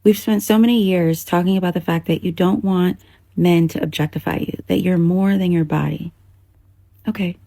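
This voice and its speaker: Woman, low gravelly voice, mellow tone, dry close sound, lecturing opinion piece. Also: fairly even intonation, normal speed, dry recording. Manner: preachy, emphatic. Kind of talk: opinion commentary to camera.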